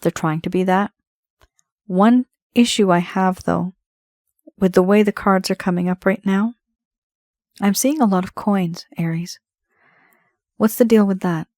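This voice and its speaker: A woman's voice: mid-range voice, a little slow, pauses often, darkish tone, dry recording, studio quality. A woman giving a tarot reading, talking straight to the viewer in a conversational, reassuring way. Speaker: tarot reader.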